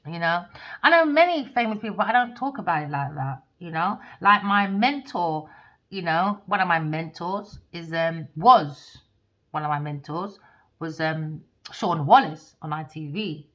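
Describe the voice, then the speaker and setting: A woman telling a blunt, swear-filled story as a podcast host, dropping to low mutters and rising to loud excited bursts. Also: a little slow. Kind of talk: casual storytelling rant. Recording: muffled lo-fi recording.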